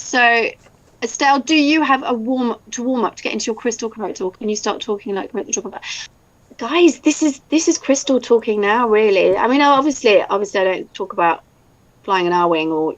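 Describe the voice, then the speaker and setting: A woman's voice: on the high side, lo-fi sound. An English woman in casual chat, talkative and laughing often, now and then swearing. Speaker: voice actor guest.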